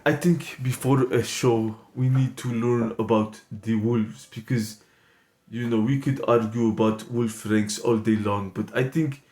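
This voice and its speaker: A man voicing a soft-spoken, patient male wolf playing a Latin lover in an improvised comedy sketch, talking low, slow and smug. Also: natural voice. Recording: echoey room with steady noise.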